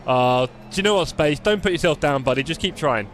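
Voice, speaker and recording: A man's voice: a little high, lively intonation, a little fast, fairly bright tone, soft background music. An English man chatting and joking with his live-stream viewers while he drives a racing sim, on a desktop mic. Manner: chatty, joking, talks to chat while driving. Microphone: desktop USB mic.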